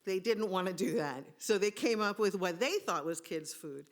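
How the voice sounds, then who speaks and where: A woman's voice: mid-range voice, animated, moderate pace. A woman telling a personal story on stage in a wry, comic way, sometimes searching for words mid-sentence. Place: stage at a live storytelling event.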